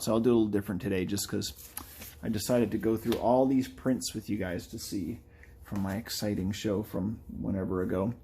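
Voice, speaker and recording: Casual male artist streaming his drawing, chatty and lively, sometimes slips into character voices. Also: medium pitch. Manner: chatty, animated, playfully does game character voices. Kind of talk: casual chat while drawing.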